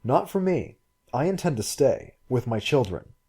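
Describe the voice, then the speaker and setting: A brisk, forthright young woman, put on by a male narrator, speaking in a raised, lighter voice than his own. She talks quickly and with emphasis, sometimes with scorn. Her tone stays mellow and a little husky. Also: mid-range voice, very animated, voice pushed up. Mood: insistent.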